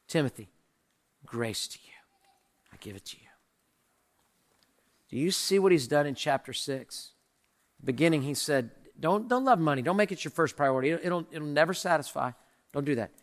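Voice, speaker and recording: Emphatic higher-pitched male pastor preaching. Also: big-room sound. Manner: repetitive, emphatic preaching with a jokey streak; closes in softer spoken prayer. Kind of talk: sermon.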